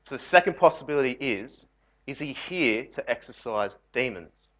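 A man giving a lively, jokey sermon to a youth group, full of rhetorical questions. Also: mid-range voice, moderate pace. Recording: dull lo-fi recording.

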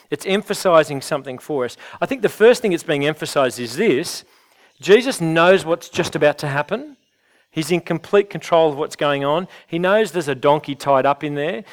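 A man preaching a sermon in an earnest, conversational way, often restarting his phrases. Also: fairly high pitch. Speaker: pastor.

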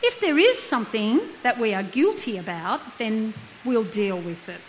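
A middle-aged woman speaks as a counsellor, with a fairly high voice. She talks earnestly, asking her listeners questions and walking them through everyday examples. A faint hiss sits under her voice. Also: very animated, moderate pace, rough recording. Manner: earnest, uses rhetorical questions and acted examples. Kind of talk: reflective talk on guilt.

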